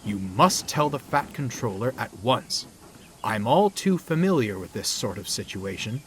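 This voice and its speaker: Big steady steam engine, a guy doing it, kind but firm. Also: medium pitch, a little slow. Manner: warm, then stern. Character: kindly, steady large male steam engine. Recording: loud background noise.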